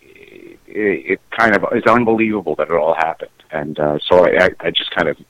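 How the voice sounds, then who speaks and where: A middle-aged man with a very low, deep voice answers questions in a casual interview. He trips over his words, restarting sentences and laughing at himself. The sound is dry and close, with no room around it. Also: fairly bright tone, dry recording, low-quality recording. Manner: halting, full of restarts and fillers, self-conscious laughs. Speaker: musician guest.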